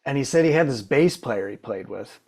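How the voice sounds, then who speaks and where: A man of middle pitch hosts a drumming podcast. He talks casually and rambles through his questions, with many fillers and restarts. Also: lively intonation, fairly quick, noisy background. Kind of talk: podcast interview.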